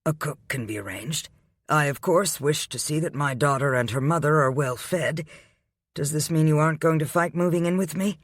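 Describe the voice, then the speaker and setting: Man doing a calm domineering rich man, measured, patient, quietly commanding, audiobook romance, dry close sound. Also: a little high, no room sound, voice pushed up, natural voice.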